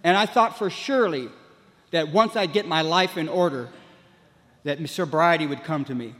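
A man's voice: on the high side, normal speed, long pauses, fairly bright tone. A man telling his own recovery story to a meeting, rambling with lots of "you know" and restarts, and acting out the voices of people he met. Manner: acts out other people's voices. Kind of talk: personal recovery story told to a room. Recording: long hall reverb.

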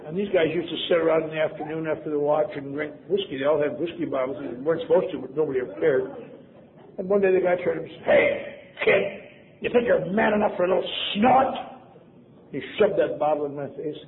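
A man's voice: fairly high pitch, steady tone, fast talker. An older man from Wisconsin telling a personal story with wry, self-deprecating humor. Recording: tinny phone-like sound, faint noise.

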